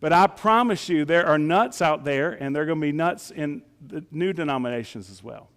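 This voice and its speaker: A man's voice: on the high side, animated, normal speed, fairly bright tone, clear, resonant tone, long reverb tail. A male pastor preaching a sermon in a folksy, conversational way, often asking the congregation rhetorical questions.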